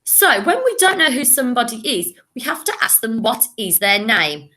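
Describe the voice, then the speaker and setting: A young English woman teaching a recorded French lesson to primary school children, speaking slowly and encouragingly. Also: on the high side, big pitch swings, pushed and bright. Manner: slow, encouraging, sings simple tunes.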